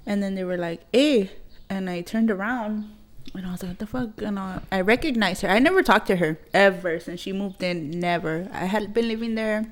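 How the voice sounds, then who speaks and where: A woman's voice: medium pitch, a little fast. A woman in her thirties, a podcast host, telling a personal story in casual chat, blunt and rambling with heavy swearing and many fillers.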